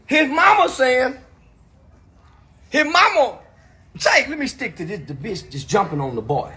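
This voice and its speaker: A man telling profane stories in an animated, ranting monologue with loud outbursts. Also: very high voice, unhurried, reverberant. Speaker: commentator.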